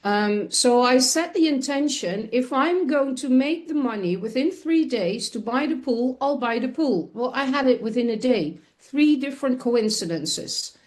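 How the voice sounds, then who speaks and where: A woman with a fairly high voice shares a personal story as a talk show guest. She speaks earnestly and expressively, and often breaks off to restart a sentence as she goes. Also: lively intonation, unhurried, few pauses.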